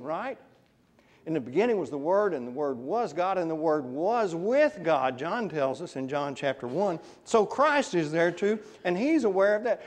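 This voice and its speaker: A man with a slightly high voice preaches a conversational sermon in a church, often putting questions to his congregation during an interactive Bible class. The sound carries the echo of a big room.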